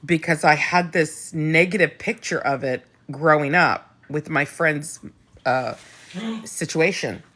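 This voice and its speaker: Low-voiced blunt woman host. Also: slow pace, a bit bright. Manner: candid, blunt, swears, many restarts. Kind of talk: casual live chat.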